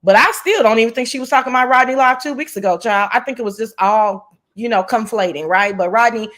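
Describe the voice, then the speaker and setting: A woman's voice: fairly high pitch, fast, fairly bright tone. A woman guest recounting online drama in casual chat, blunt and profane, openly irritated. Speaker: guest and live-chat moderator.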